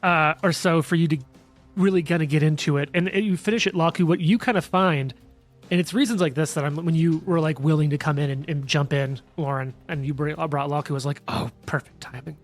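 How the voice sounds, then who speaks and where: A man's voice: on the high side, brisk, soft background music. A man narrating as game master of a tabletop role-play, rambling with many fillers and restarts. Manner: rambling, filler-heavy, laughs easily.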